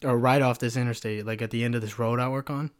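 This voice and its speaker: A man's voice: mid-range voice, fairly even intonation, fast. Profane ranting podcast guy. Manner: profane, rambling storytelling with many fillers. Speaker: podcast host. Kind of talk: casual solo podcast rant. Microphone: pop filter mic.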